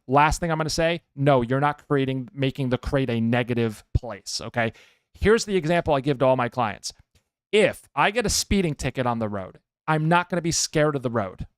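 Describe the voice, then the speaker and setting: A man with a medium-pitched, clean voice records in a clean studio with no echo. He trains dogs and hosts a podcast, giving emphatic, casual advice and repeatedly checking in with listeners by asking "okay?"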